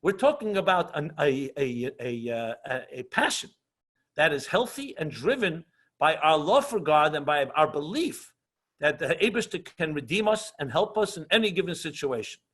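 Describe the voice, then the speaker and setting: Husky high-voiced rabbi teaching. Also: male voice, sing-song, fairly bright tone. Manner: earnest, passionate, often slows for emphasis; mixes Hebrew and Yiddish terms into English. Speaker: rabbi teaching an online class. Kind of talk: lecture with questions and answers.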